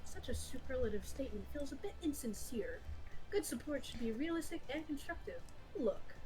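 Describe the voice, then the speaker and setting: A woman's voice: high voice, animated, normal speed, music in the background, rough recording. A woman voicing a pedantic, prim young man who lectures about proper support. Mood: lecturing. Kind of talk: voice acting while reading a game aloud.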